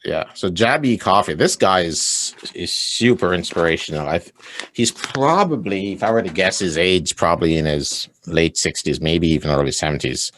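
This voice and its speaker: A man's voice: low-pitched, expressive, moderate pace, a bit bright, a little hiss or hum. A man speaking as a guest on an interview podcast, enthusiastic, laughing often and tagging his points with "right?". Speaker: guest, sales coach. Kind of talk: casual interview chat.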